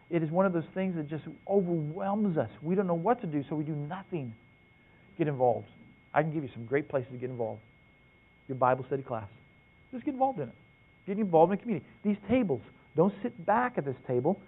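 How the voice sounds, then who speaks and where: Man preaching over a tinny line. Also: fairly high pitch. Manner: storytelling, quoting his dad, rhetorical questions. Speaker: preacher at a men's gathering. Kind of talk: sermon with personal stories. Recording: tinny phone-like sound.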